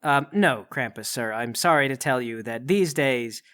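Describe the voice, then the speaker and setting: A man's voice: medium pitch, expressive, moderate pace, a bit bright, voice pushed down, close to an everyday voice. A man playing a prim, formal male butler in a tabletop game. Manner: formal, polite. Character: polite, fussy male butler.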